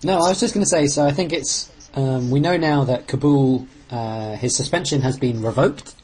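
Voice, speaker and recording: A man's voice: medium pitch, normal speed, darkish tone, husky, poor audio. Man rambling earnestly about football. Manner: earnest, rambling, with sudden outbursts. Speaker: podcast co-host. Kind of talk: casual football chat.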